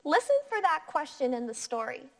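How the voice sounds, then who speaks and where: A woman teacher reading a picture book aloud to young children in a clear, encouraging voice. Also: high voice, very animated. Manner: slow, clear, encouraging teacher voice with sing-song inflection.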